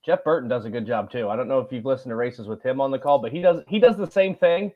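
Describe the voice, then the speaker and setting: Easygoing co-host on a dull line. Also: male voice, medium pitch, animated, fast, over a noisy crowd. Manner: easygoing and agreeable banter. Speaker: radio co-host. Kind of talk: casual sports talk radio.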